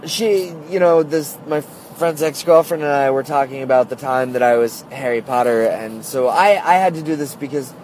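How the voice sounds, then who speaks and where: A man's voice: mid-range voice, moderate pace, few pauses, a little mellow, slight background noise. Rambling man recording on his phone. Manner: rambling, heavy use of "like" and "uh". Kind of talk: casual storytelling monologue.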